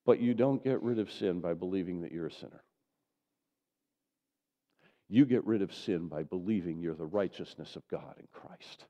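A man preaching a sermon as pastor, swinging from loud declarations to soft, low asides. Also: moderate pace, pauses often. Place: church sanctuary.

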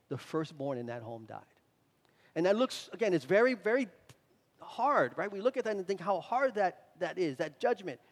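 A male pastor preaching a sermon, building in intensity and repeating words as he drives points home. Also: fairly high pitch. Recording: reverberant hall.

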